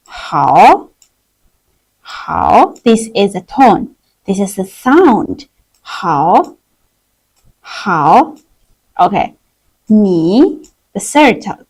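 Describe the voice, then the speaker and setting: A woman teaching a live-streamed language lesson, drilling words slowly for learners to repeat, in simple non-native English. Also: medium pitch, warm tone, poor audio. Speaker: Chinese teacher.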